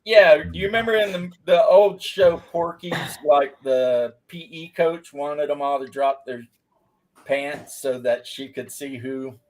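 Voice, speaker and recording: A man's voice: fairly high pitch, rough recording. A man chatting on a stream, stopping and restarting sentences as he talks. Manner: halting, restarts often, friendly. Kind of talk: casual group chat on a stream.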